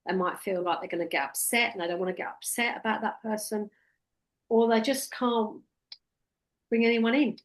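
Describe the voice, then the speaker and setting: A woman's voice: mid-range voice, steady tone, moderate pace. A woman, a hypnotherapy trainer teaching one-to-one in a direct, practical way and quoting what she tells clients in a soothing voice.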